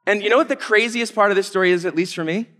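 A man in his thirties preaching a sermon in a casual, conversational way, with lively asides. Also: high-pitched, rapid-fire, long reverb tail. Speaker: pastor.

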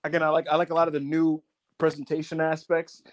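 Guy rambling on a wrestling podcast, kinda high voice, jokey. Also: monotone, quick pace. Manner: rambling, mocking impressions. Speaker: podcast co-host. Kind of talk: casual wrestling review chat.

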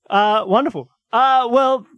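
A man's voice: very high-pitched, takes it slowly, a bit bright, clear, resonant tone, dry recording, dull audio. A man hosting a podcast, wrapping up the episode in friendly, hesitant casual chat full of fillers. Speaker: podcast host.

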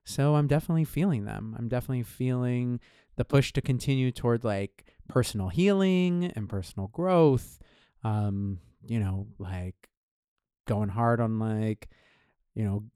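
A man in his thirties talks easily as a podcast co-host, relaxed and unhurried. His mid-pitched voice is smooth and clear. The sound is close and dry. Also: no room sound. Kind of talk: casual chat.

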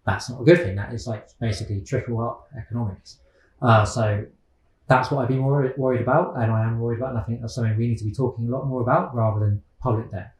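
A man's voice: medium pitch, steady tone, quick pace, echoey room, poor audio. A man answering interview questions about the economy in a casual, hesitant way, with many fillers and restarts. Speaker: guest economist.

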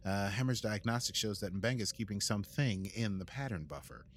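New guy recapping a show on a podcast, lowish voice, rambly and goofy. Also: a little fast, slight background noise. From United States. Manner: rambling, playful, adds sound effects. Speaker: podcast host recapping an episode. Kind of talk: casual chat.

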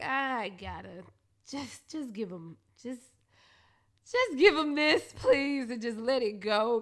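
High, lively woman telling a profane story. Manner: profane, laughing, animated retelling. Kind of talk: candid storytelling monologue.

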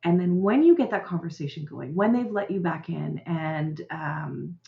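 A woman's voice: low voice, moderate pace, gravelly. A middle-aged woman, a parenting coach on a podcast, talking earnestly and often checking in with "right?". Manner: gestures a lot while talking. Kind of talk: podcast interview conversation. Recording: roomy, slightly dull audio.

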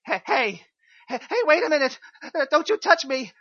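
A woman's voice: high-pitched, big pitch swings, moderate pace, a bit bright, no room sound, voice pushed up. A woman voicing a frightened, panicky male prison inmate who stammers and protests, recorded on a dull lo-fi home mic.

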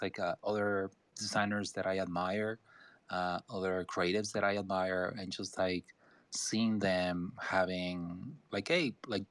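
A man from Mexico, a designer and artist guest, talking casually in a halting way with many restarts. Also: fairly low pitch, no room sound. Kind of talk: casual interview talk.

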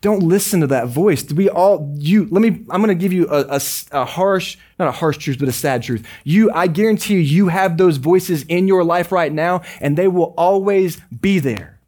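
A man preaching a sermon as a pastor, conversational and joking with quick asides. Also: on the high side, a little mellow.

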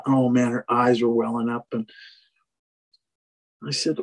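A man's voice: medium pitch, unhurried, long pauses. A man who trains horses, telling a long personal story in a rambling way, full of restarts and "you know". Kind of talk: casual storytelling in conversation.

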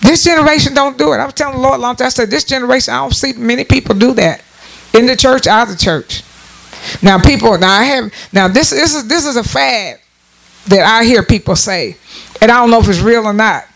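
Speaking a little fast in a creaky, high-ish voice, a church speaker in her sixties gives an informal sermon to viewers. She presses her points hard, with frequent repetitions and restarts and sudden upward jumps for emphasis.

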